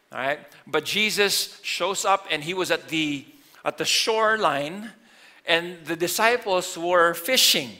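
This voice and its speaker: Bright-voiced man preaching a sermon. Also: a little high. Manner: earnest preaching, swings between loud emphasis and quiet. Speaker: pastor.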